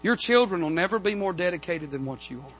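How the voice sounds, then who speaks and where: Fiery preacher with a bright voice. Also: male voice, high-pitched, animated, quick pace, slight background noise. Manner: storytelling preacher, building to loud emphatic amens. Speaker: pastor. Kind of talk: revival sermon. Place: church sanctuary.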